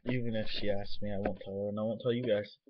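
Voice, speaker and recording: A man's voice: fairly low pitch, level tone, quick pace. A young man rambling casually in a home vlog, swearing freely while getting over a nosebleed. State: recovering from a nosebleed, tastes blood. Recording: dull lo-fi webcam recording.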